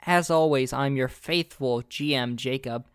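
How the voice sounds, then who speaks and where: A young man hosts and runs a tabletop game, narrating scenes in a loose, easygoing way with plenty of fillers. His voice sits at a middle pitch. The recording is close and dry, with no room sound. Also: unhurried, smooth, no room sound. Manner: casual, loose, with fillers and restarts. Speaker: game master.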